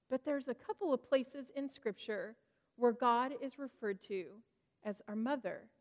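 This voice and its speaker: A woman giving an earnest, reflective devotional sermon, gently stressing key words. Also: fairly high pitch. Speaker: devotional speaker. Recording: long reverb, hall-like.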